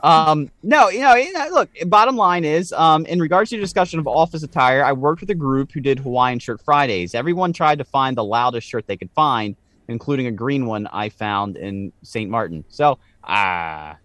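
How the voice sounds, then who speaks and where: A man's voice: mid-range voice, expressive, moderate pace, fairly bright tone, dry recording. A man co-hosting a podcast, chatting casually and joking as he explains things. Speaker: podcast co-host.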